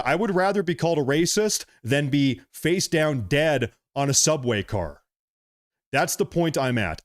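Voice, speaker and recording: Man, live-stream host, agitated, repetitive, slightly high voice. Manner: agitated, repetitive, addresses viewers directly. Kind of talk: casual live-stream commentary.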